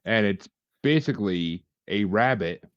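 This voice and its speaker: A man's voice: fairly low pitch, expressive, measured pace, dry recording, dull audio. A man hosting a casual podcast, laughing often and restarting his sentences. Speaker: podcast host.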